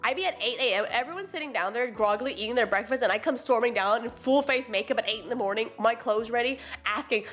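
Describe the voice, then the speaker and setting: Animated high-voiced young woman streamer. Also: quick pace, few pauses, faint music behind. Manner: animated storytelling, acts out quotes, laughs often. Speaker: VTuber streamer. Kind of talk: casual chat with friends on stream.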